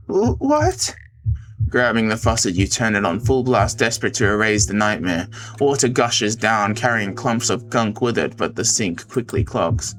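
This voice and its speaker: A man streaming a visual novel, reading it aloud dramatically with excited outbursts. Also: fairly low pitch. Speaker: game streamer. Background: game music.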